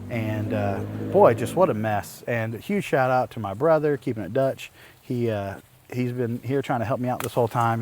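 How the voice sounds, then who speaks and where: A man's voice: mid-range voice, a little hiss or hum. A man, possibly in his thirties, casually telling a personal story to the camera as a homesteading vlogger, rambling and restarting as he relives an exasperating ordeal. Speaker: homesteading YouTuber.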